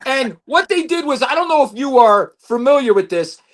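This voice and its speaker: High-voiced excitable man. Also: normal speed. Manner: excitable, laughs often, repeats words. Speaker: actor guest. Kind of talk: casual chat.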